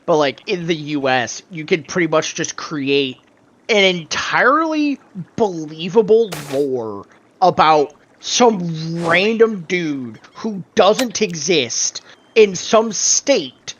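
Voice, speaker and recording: Lively laid-back streamer guy. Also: a little high, takes it slowly, dull audio, slight background noise. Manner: laid-back, swears, laughs often. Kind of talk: casual chat while gaming.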